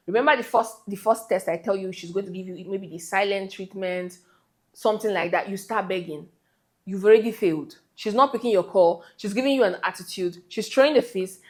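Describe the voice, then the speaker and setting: Emphatic woman giving relationship advice. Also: medium pitch. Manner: emphatic, scolding, talks straight to the listener. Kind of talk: direct-to-camera advice talk.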